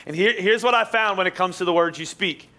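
A man preaching a live sermon as pastor in a church, jokey and energetic, teasing his congregation. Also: high-pitched, fast. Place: church auditorium.

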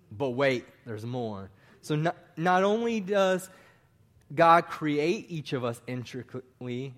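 A man preaching a sermon to a congregation, slow and deliberate, with his voice dropping at the ends of phrases. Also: medium pitch, a bit bright. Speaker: pastor.

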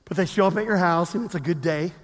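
A pastor in his fifties preaching a sermon with animated storytelling, acting out the quotes he tells. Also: high-pitched, fast, long reverb tail.

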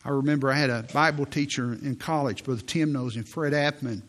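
A man preaching a sermon in a slow, deliberate way, reading scripture aloud and explaining it. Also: medium pitch, fairly bright tone. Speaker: pastor.

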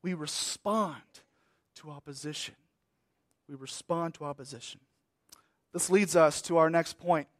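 High-voiced preacher, loud then hushed. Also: male voice, measured pace, pauses often, no echo, studio quality. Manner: swings between emphatic raised delivery and hushed, trailing phrases; repeats key words for emphasis. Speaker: pastor. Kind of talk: sermon.

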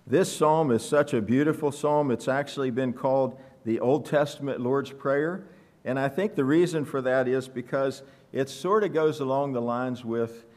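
A pastor giving a conversational teaching sermon to his congregation in church, reading scripture slowly and putting questions to the room with a self-deprecating humor. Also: mid-range voice, darkish tone.

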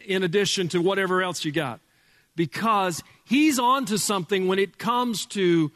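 A male pastor preaching a sermon, earnest and emphatic, slowing down to stress key words. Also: sits high, pushed and bright.

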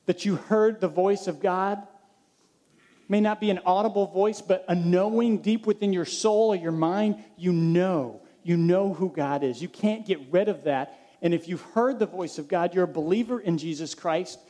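A male pastor delivering a sermon, reading scripture and asking his congregation questions. His voice sits high for a man and has a mellow, soft-edged tone. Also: normal speed. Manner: preaching, asks the congregation questions.

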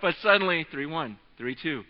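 A man in his thirties preaching a sermon, telling a story with excitement, often repeating and restarting his words. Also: fairly high pitch, normal speed. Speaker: pastor. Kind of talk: sermon with an animated storytelling aside. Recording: echoing hall, dull lo-fi sound.

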